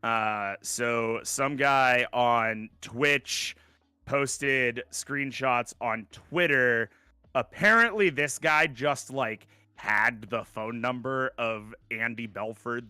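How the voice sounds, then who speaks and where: A man's voice: mid-range voice, bright, forceful tone, clear, resonant tone, dry recording. A man co-hosting a gaming podcast, chatting casually and ranting with sarcastic opinions. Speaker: podcast co-host.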